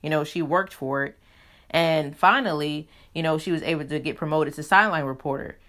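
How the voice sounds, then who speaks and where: A woman with a slightly low voice hosts her own podcast. She talks in a loose, casual way and fills her sentences with "you know." It sounds like an easy solo chat. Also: brisk, fairly bright tone. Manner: chatty, heavy use of "you know" fillers. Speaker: podcast host.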